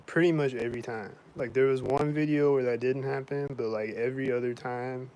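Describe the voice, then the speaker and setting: In a casual vlog, a man rambles through an indignant, complaining monologue packed with "like" and frequent swearing. His medium-pitched voice is smooth and darkish, with fairly even intonation and a brisk pace, though the recording quality is low.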